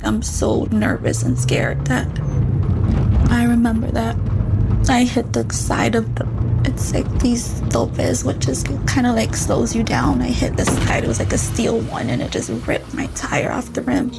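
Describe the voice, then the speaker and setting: A woman's voice: on the high side, a little slow, vocal fry, loud music behind the voice, low-quality recording. A woman guest telling a story with feeling, acting out the things people said and swearing as she goes. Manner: animated, re-enacts quoted dialogue, swears. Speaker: podcast guest recounting events. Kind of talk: emotional storytelling.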